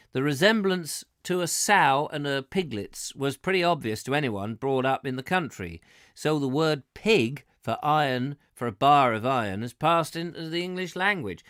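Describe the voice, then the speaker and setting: A man's voice: medium pitch, fairly bright tone, no room sound, studio quality, lightly acted. A man voicing an ironworks guide who explains old trade history to a visitor. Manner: explaining, storytelling. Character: proud man guiding a visitor around an ironworks.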